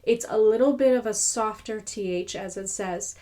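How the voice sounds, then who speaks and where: A woman teaching pronunciation, repeating each sound slowly to demonstrate it. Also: medium pitch, mellow. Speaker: language teacher. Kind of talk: slow pronunciation lesson.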